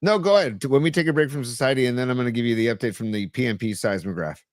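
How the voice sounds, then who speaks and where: A middle-aged man co-hosting a casual sports podcast, laid-back, often trailing off quietly and chiming in with short agreements. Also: mid-range voice, very fast, no room sound, studio quality. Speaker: podcast co-host.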